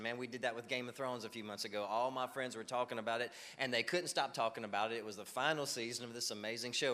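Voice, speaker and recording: A male pastor delivering a sermon to his congregation, energetic and rising loud when he acts out examples. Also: mid-range voice. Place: church sanctuary. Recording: long reverb of a church hall.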